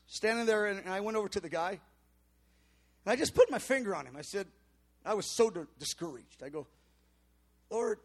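A middle-aged man, a pastor telling a story in a sermon, acting out voices with sudden shouts and quiet mutters. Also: high voice.

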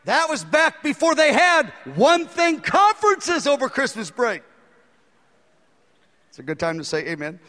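A man's voice: very high-pitched, big pitch swings, unhurried, bright, forceful tone. A man preaching a sermon, telling a story and acting out the dialogue in it with animation. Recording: long hall reverb.

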